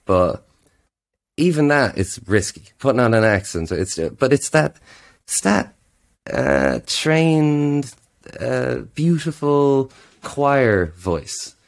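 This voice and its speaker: A man, a singer-songwriter guest, chatting casually on a podcast in a rambling, animated way. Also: mid-range voice, slow pace. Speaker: guest musician. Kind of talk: casual chat.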